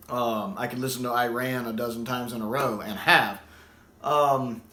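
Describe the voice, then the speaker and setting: A man's voice: medium pitch, animated, slow, bright, forceful tone. A man giving a casual spoken review of a video, chatty and laughing often between remarks. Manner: chatty, repeats himself, self-corrects. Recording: echoey room.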